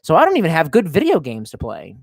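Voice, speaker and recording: A man's voice: a little high, wildly swooping pitch, fast, vocal fry, no room sound, studio quality. A man livestreaming and reading viewer chat, rambling casually and swearing a lot while drinking. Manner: profane, rambling, sardonic. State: drinking, tipsy.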